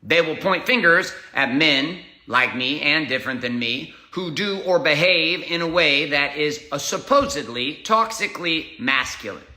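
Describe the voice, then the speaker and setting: Forceful, intense man ranting in a roomy space. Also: fairly high pitch, expressive, measured pace, few pauses. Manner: intense, combative, swearing often; punchy emphatic delivery with short repeated phrases. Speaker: host. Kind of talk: motivational monologue.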